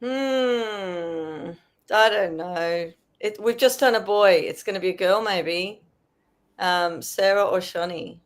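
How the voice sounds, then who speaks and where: A woman's voice: medium pitch, takes it slowly. Hesitant woman in casual chat. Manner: hesitant, filler-heavy. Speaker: podcast guest.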